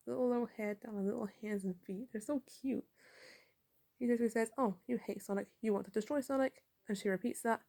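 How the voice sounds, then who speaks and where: A woman's voice: mid-range voice, warm tone. A woman giving a casual comic book review, recapping the panels and reading the dialogue aloud.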